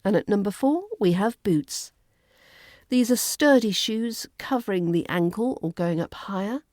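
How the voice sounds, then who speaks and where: Slow, clear British RP woman coach. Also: medium pitch, lively intonation, a little mellow, no echo, clean studio sound. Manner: slow, clearly enunciated, repeats words for practice. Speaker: accent coach. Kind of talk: scripted pronunciation lesson.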